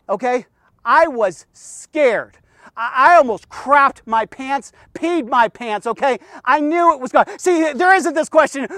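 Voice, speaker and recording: A man preaches a devotional sermon emphatically, packing it with rhetorical questions and "okay?" while swinging from loud urging to hushed, low talk. He's expressive and a little slow, recorded clean in a studio with no echo.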